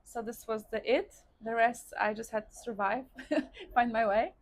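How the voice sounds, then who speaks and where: Sitting indoors and eating on camera, a Polish woman vlogger tells viewers her personal story in a relaxed, chatty way, calling them "guys" and saying "like" often. Her voice is fairly high and her pace measured, with a little hiss or hum in the recording. She speaks with a Polish accent.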